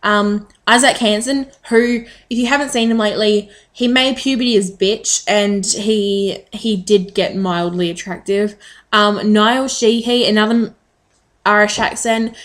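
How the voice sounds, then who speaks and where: A woman's voice: medium pitch, fairly even intonation, unhurried, fairly bright tone. Chatty woman vlogging. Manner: chatty, rambling, frequent ums. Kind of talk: casual chat to camera.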